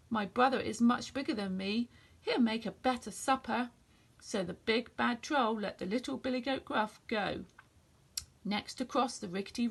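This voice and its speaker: A woman reads a children's picture book aloud, her voice gravelly and a touch husky. She sits a little high in pitch and reads gently and expressively. It is a friendly story-time reading.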